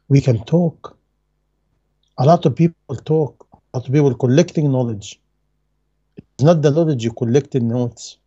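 A man's voice: mid-range voice, normal speed, long pauses, dark tone, slightly rough, dull audio. A man giving a religious lecture in non-native English, earnest and emphatic, repeating his key phrases. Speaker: Islamic lecturer.

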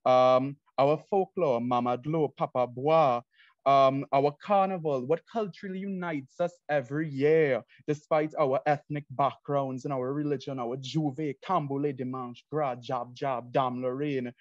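A man's voice: medium pitch, fairly even intonation, measured pace, dry recording. Young Trinidadian man, student presenter, earnest and explanatory, dull dry lo-fi sound. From Trinidad and Tobago. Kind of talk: academic presentation.

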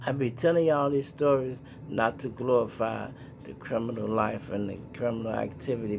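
A man's voice: mid-range voice, creaky, noisy background. A middle-aged man from Chicago with a Chicago accent, telling street stories to his viewers in slang-heavy casual talk. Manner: animated storyteller acting out sounds and voices.

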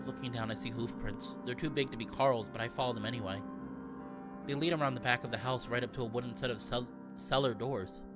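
Man reading a visual novel aloud. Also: medium pitch. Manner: playful, breaks off to joke with viewers. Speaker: let's play narrator.

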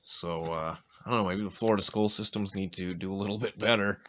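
Man, light New England accent, deep low voice, slightly sore throat, casual card-opening commentary, wrappers crinkling faintly behind. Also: fairly even intonation, fairly quick, fairly bright tone, a little hiss or hum. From Maine, USA. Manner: reads off player names between chatty asides. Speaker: card-opening channel host.

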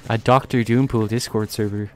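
A man's voice: on the low side, steady tone, moderate pace, a little mellow, no room sound. A man hosting a game stream, chatting casually with friends in a playful, dry, self-mocking way. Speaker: streamer, host. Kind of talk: casual gaming chat.

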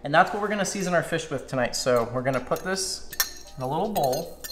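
A man from Slovakia hosting a cooking channel, talking viewers through a recipe step by step in a relaxed, casual way in a home kitchen. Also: a little high, quick pace. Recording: echoey kitchen with music bed. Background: background music, clinking dishes.

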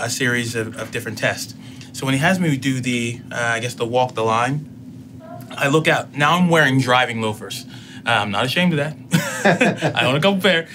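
A man telling a personal story in casual talk, acting out both sides of the dialogue with lively emotion. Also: medium pitch, noisy background. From United States. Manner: animated retelling, acts out both sides of dialogue. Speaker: podcast guest.

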